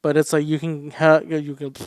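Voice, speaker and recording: A relaxed man co-hosting a podcast who chimes in with quick agreements. His voice sits a little high and sounds smooth and clear, with a dry, close recording. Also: no room sound. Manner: laid-back, chiming in with short agreements. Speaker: podcast co-host. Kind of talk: casual chat.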